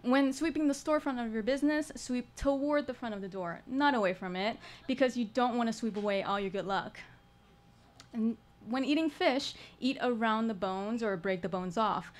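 A woman's voice: fairly high pitch, normal speed. Wry woman telling a story on stage. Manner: wry, humorous, dry asides. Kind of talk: live storytelling performance. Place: stage at a live storytelling showcase.

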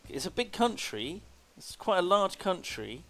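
A man rambles casually while streaming a game, drifting between chatty asides. His delivery is slow and unhurried, yet his pitch bounces around with lots of lively movement. Faint game music sits underneath. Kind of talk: casual gameplay commentary.

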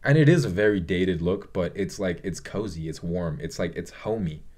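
A man's voice: low-pitched, moderate pace, darkish tone. A young man chatting casually about a movie he loves, rambling and gushing, with lots of swearing and fillers. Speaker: vlogger reviewing a movie. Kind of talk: casual movie review chat.

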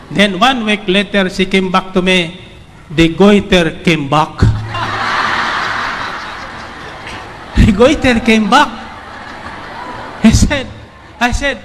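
A middle-aged man preaches in a high voice with an unhurried, drawn-out delivery. He tells a story and keeps asking the crowd for an "Amen?". A long reverb trails off each phrase in a big hall. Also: fairly bright tone, slight background noise. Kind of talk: sermon.

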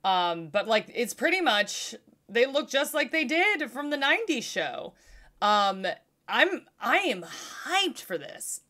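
Gushing, excited woman reacting to a trailer. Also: mid-range voice. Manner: gushing, fangirling, lots of likes and ums. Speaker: video host reacting to a trailer.

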